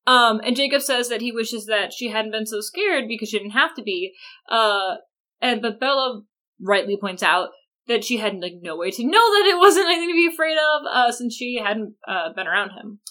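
A woman's voice: fairly high pitch, lively intonation, normal speed, pushed and bright. A young woman co-hosting a podcast, recapping a book in casual chat with sarcastic asides and quoted lines acted out. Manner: sarcastic, acts out characters' lines. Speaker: podcast co-host.

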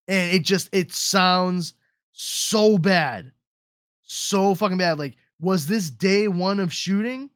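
A podcast host with a high-sitting, fairly bright voice takes his time in a casual chat. Recorded at studio quality with no room sound, he rambles, curses heavily, and leaves sentences unfinished.

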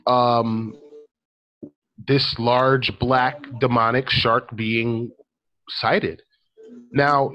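A man's voice: mid-range voice, highs cut off. A man chatting casually on a podcast, telling a story with lots of ums and likes. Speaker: podcast co-host. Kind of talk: casual chat.

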